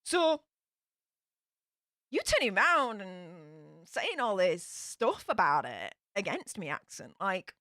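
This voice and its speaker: A young YouTube streamer from Yorkshire, England, with a broad Yorkshire accent, chats frankly and casually to her live-stream audience with lots of fillers and sighs. Her mid-range voice is very animated and sharp in tone, though she takes it slowly. The recording is dry and studio quality.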